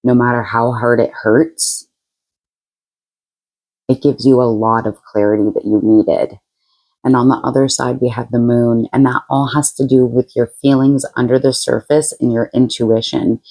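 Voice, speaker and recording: A woman's voice: a bass voice, steady tone, moderate pace, darkish tone, poor audio. A woman giving a casual tarot reading to her viewers, chatty and frank, laughing often and using blunt slang. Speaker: tarot reader.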